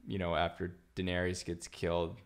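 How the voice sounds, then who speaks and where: A man hosting a podcast in a relaxed, rambling casual chat, full of fillers. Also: low voice, normal speed. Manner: laid-back, rambling with many fillers. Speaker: podcast host.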